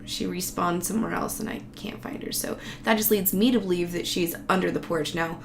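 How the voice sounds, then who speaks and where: A woman's voice: on the low side, steady tone, a little fast, gravelly. A woman talking in a loose, meandering, profane way, giggling as she vlogs casually to her viewers. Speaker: vlogger. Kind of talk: casual rambling monologue. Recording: roomy echo, faint background noise.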